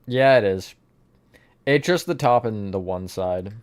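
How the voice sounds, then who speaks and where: A man's voice: lowish voice, lively intonation, a little slow, clear, resonant tone. A man streaming live, chatting casually with his viewers while he builds, often laughing at his own slips. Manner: chatty, self-mocking, answers chat mid-task.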